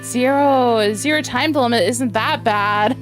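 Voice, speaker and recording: A woman's voice: fairly high pitch, a little slow. A woman co-streaming a game, giggling and reading viewer chat aloud. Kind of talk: live-stream gameplay chat. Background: game music.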